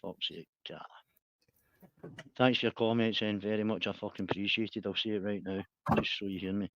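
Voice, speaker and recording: A man's voice: fairly low pitch, steady tone, brisk, dry recording, lo-fi sound. A man, hosting a casual livestream chat, rambling, laughing and swearing a lot. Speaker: livestream host.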